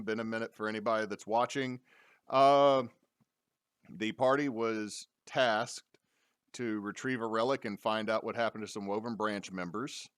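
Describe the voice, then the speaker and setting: A man's voice: fairly low pitch, fairly bright tone, smooth, no echo, studio quality. A man acting as dungeon master, giving a casual, jokey recap of a tabletop game on a stream.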